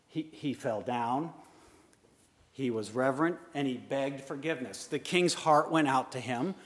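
Pastor, male, mid-pitched, animated delivery from loud to hushed, long hall reverb. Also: a little slow. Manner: animated, swings from loud urging to hushed asides. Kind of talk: sermon.

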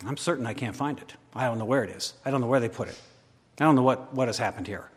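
A male preacher delivering a sermon, moving from hushed storytelling to loud, impassioned crescendos. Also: medium pitch, fast. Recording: long hall reverb.

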